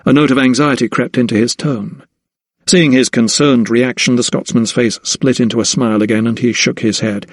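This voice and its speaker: Male audiobook narrator, mid-pitched, measured and even, dry close read. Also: no room sound. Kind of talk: scripted narration.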